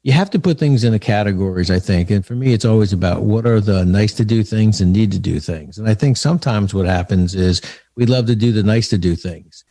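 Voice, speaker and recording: An earnest male guest with a low, gravelly voice. He tells stories as he talks about leadership, doubling back and restarting his phrases. The sound is dark and mellow, recorded dry and close. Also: a little fast, no room sound. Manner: storytelling, earnest, frequent restarts. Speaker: author and leadership speaker, guest. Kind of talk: conversational podcast interview.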